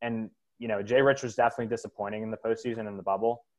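A man with a lowish voice talks sports in a loose, rambling way. He is blunt and opinionated, and drifts between points with plenty of fillers. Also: steady tone, racing, darkish tone, rough recording. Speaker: sports podcast host. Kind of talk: casual sports talk.

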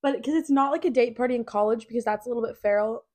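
A woman's voice: a little high, very fast, a little mellow. A young woman in her twenties co-hosting a podcast, telling stories in a chatty way with lots of fillers. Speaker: podcast co-host. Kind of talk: casual chat.

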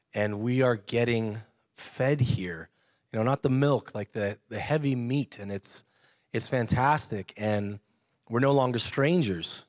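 In a dry, studio-quality recording, a church member in his thirties shares his testimony in a mid-range voice. He comes across as earnest and talkative, often laughing and starting sentences over.

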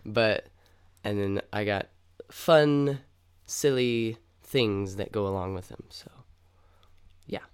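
A man's voice: lowish voice, takes it slowly, clear, resonant tone. A young man co-hosting a casual podcast, chatty and upbeat, rambling with lots of fillers. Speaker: podcast co-host.

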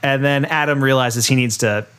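A man co-hosting a casual podcast, retelling a film's scenes in a relaxed way with lots of fillers and laughter. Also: medium pitch, moderate pace, clear, resonant tone. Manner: laid-back, many fillers, laughs while retelling scenes. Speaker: podcast co-host. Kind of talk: casual chat recapping a film.

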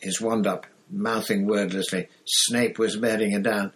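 Deep husky guy slowly reading a story out loud. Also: little pitch movement, low-quality recording. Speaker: audiobook narrator.

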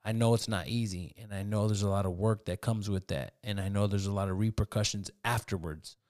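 A man's voice: fairly low pitch, steady tone, fairly quick, darkish tone, dry recording, studio quality. A man hosting a casual interview, speaking earnestly with some profanity. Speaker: podcast host.

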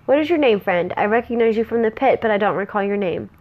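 A woman voicing a big, friendly, muscular male mercenary who speaks with a deep voice and a foreign accent. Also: animated, fast talker, phone-quality sound, close to an everyday voice. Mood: friendly teasing.

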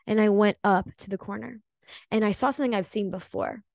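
A woman's voice: medium pitch, brisk, gravelly, darkish tone, dry recording, studio quality. Earnest woman sharing a spiritual story. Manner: earnest, emotional and confessional. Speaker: podcast host. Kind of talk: solo spiritual podcast monologue.

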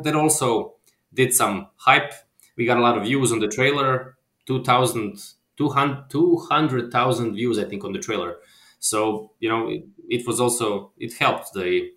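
Man from Croatia, filmmaker guest; hesitant casual chat, mid-pitch voice, reverberant room. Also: moderate pace. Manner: hesitant, restarts often, trails off softly.

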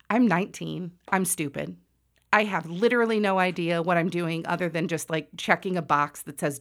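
A woman in her forties from the United States telling a personal story to an audience, loud and self-mocking, with quick asides. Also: on the low side.

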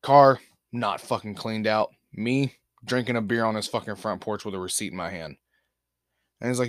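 A man's voice: mid-range voice, moderate pace, long pauses, dry recording, clean studio sound. A young man hosting a podcast, telling a profane, laid-back story full of quoted back-and-forth dialogue into a podcast mic. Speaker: podcast host. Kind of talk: casual storytelling. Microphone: podcast microphone.

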